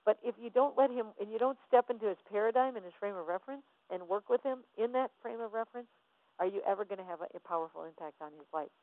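A woman's voice: mid-range voice, quick pace, dry recording. A woman giving a motivational talk, emphatic and repetitive, acting out little dialogues as she goes. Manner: emphatic, repeats phrases, acts out dialogue. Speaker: motivational speaker. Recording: tinny phone-like sound, dry.

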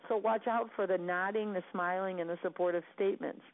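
A woman's voice: medium pitch, steady tone, fairly quick. Earnest lady giving a coaching talk, sounds like it's over a phone line. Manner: earnest, repetitive, sincere. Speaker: sales coach.

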